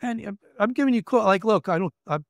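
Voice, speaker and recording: An older man in his seventies with a New York accent, speaking with emphatic, halting candor and often repeating himself. His voice sits a little high for a man and comes across smooth and clear, recorded close and dry. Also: no echo. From Brooklyn, New York. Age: 70s. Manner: emphatic, acts out quoted voices, repeats words. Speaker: retired federal agent, guest. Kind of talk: candid interview storytelling.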